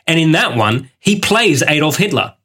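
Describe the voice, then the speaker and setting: A man's voice: fairly high pitch, very animated, moderate pace, sharp tone, slightly rough. A man co-hosting a podcast in casual chat, playful and teasing. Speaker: podcast co-host.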